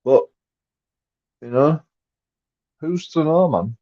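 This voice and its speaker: A man, rambling profanely on a live stream and swinging between mumbled asides and loud outbursts. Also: a little high, lively intonation, takes it slowly, no echo. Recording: dry, dull lo-fi sound.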